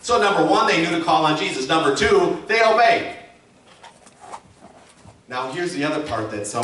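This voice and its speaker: A man's voice: mid-range voice, a bit bright, a little hiss or hum. A man preaching a sermon as pastor, emphatic and calling the congregation to repeat his words, recorded from a distance in a church. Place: church sanctuary. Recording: echoey church hall from far off.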